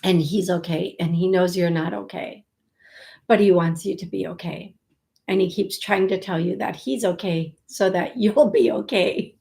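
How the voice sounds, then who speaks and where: A woman hosting a live psychic reading, speaking in a halting way, repeating words and thinking aloud, soft-spoken and emotional. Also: on the low side, creaky. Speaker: psychic medium host.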